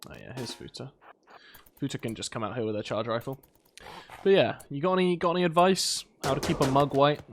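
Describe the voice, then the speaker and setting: A man's voice: medium pitch, brisk, background noise. A British man casually commentating a colony game, rambling about side topics and scolding his characters in exasperation. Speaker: gaming video host. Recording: faint game music behind.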